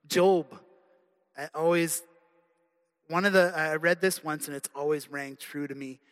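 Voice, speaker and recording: A man's voice: fairly high pitch, steady tone, measured pace, long pauses. A male preacher giving an earnest, conversational sermon in a church. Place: church sanctuary. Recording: long hall reverb.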